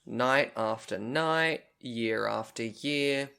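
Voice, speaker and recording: A man with a bright, tense edge to his voice tells a long story as a podcast co-host. He is chatty and loose, swears casually and slips into the voices of the people he quotes, at a middling pitch. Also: takes it slowly, vocal fry, clean tone.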